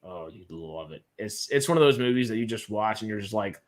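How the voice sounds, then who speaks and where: A man hosting a casual online chat, animated and swearing freely, with many restarts. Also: lowish voice, brisk. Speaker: host.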